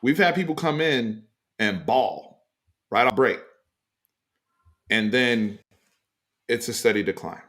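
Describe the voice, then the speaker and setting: A man hosts a casual sports talk show, pressing his opinions hard and leaning on fillers as he goes. His voice sits at an ordinary middle pitch. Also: slow, pauses often. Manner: animated, emphatic opinions with frequent fillers. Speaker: sports podcast host.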